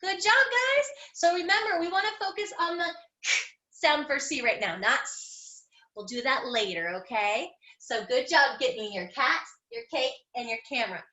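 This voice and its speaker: A middle-aged woman teaching young children phonics online, upbeat and encouraging, slowly sounding out words. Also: high voice, lively intonation, sharp tone, a little hiss or hum. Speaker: kindergarten teacher. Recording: echoey room.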